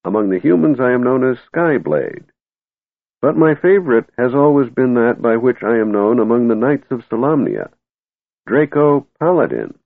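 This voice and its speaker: A man voicing a kindly old wizard who is secretly a god, speaking slowly and gently. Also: mid-range voice, very animated, creaky, no room sound, pitched above the performer's own voice. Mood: solemn. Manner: slow, gentle and soothing. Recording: tinny, phone-like and dry.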